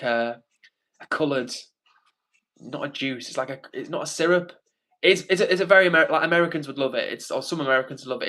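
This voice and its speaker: A man's voice: fairly high pitch, fairly bright tone. A young man hosting a livestream, reading viewer comments aloud and answering in a rambling, chatty way with many fillers. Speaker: livestream host reading chat. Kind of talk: casual live chat.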